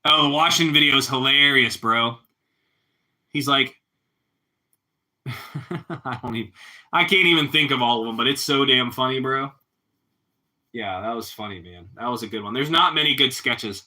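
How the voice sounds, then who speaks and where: Man with a very bright, sharp voice. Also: mid-range voice, normal speed, pauses often. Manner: laid-back, laughs often, ends lines with bro and man. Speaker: livestreamer. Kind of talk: casual livestream chat with viewers.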